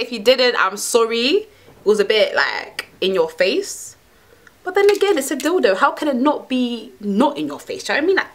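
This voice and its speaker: A woman's voice: a little high, fairly bright tone. A young woman, talking to camera in a brash, profane, slang-heavy casual monologue. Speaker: vlogger.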